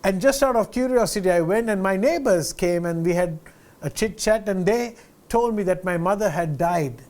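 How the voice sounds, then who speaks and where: A man with a high voice tells an inspirational story as host of his own short show. He is earnest and emphatic, and he leans on dramatic pauses. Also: a little mellow.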